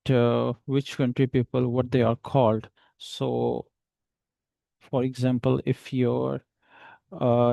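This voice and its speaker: Male English teacher, slow and gravelly, dry close sound. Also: medium pitch, darkish tone, no room sound. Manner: slow, patient, repeats example phrases. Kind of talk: beginner English lesson.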